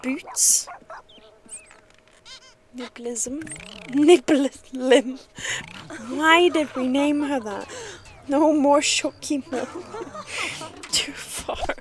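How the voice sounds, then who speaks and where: A woman's voice: high-pitched, lively intonation, drawn-out words, long pauses. A woman chatting casually while streaming a game, giggling often and playful. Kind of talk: casual gaming stream chat.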